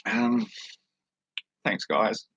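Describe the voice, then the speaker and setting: An Australian man hosting a livestream, chatting casually with a relaxed chuckle and reading passages aloud from a book. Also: no echo, muffled recording. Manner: laid-back, chuckling, unhurried. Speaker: livestream host. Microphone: studio microphone.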